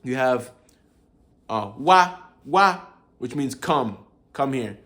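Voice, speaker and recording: A young man talks slowly in a mid-range voice while casually breaking down tones for his audience. As a language learner sharing with viewers, he stays laid-back, often chuckling and saying bro.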